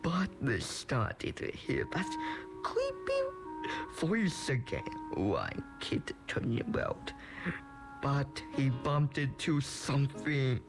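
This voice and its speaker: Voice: mid-range voice, animated, takes it slowly. A young storyteller narrating a homemade tale, making it up as he goes with a rambling manner. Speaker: storyteller host. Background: music.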